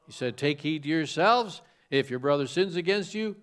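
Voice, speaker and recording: Male preacher from the Chicago suburbs, animated storyteller with a lively, slightly high voice. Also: normal speed, few pauses. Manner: animated preaching with rhetorical questions and homespun stories. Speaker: pastor. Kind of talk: sermon.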